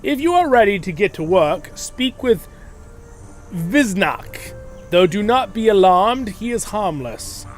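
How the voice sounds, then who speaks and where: A man's voice: high voice, very animated, slow, soft background music, pitched above the performer's own voice, exaggerated voice. A man voicing an earnest quest-giver, reading formal quest lines in a solemn tone.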